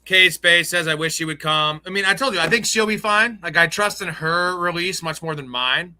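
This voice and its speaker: A man's voice: fairly high pitch, normal speed, pushed and bright. A young man hosting a casual live-stream show, joking and rambling through loose banter. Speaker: host.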